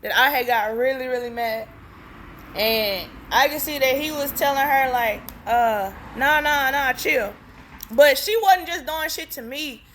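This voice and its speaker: A woman's voice: high-pitched, a little slow, a little hiss or hum. A young woman telling a story casually, blunt and profane, acting out the dialogue as she goes. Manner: blunt, profane, animated retelling with quoted dialogue. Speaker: storytime vlogger.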